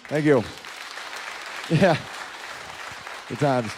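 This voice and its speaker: This man's voice is high-pitched, at normal speed with frequent pauses, and some chatter can be heard behind him. He's a stand-up comic from northern New York performing in a club, animatedly telling stories and acting out the quoted voices of people in them.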